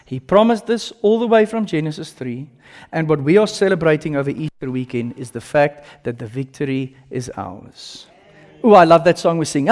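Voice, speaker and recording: A man with an Afrikaans accent, a native Afrikaans speaker from South Africa, preaching a sermon with dramatic swings from loud bursts to hushed lines. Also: fairly high pitch, animated, normal speed. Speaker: pastor. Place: church service.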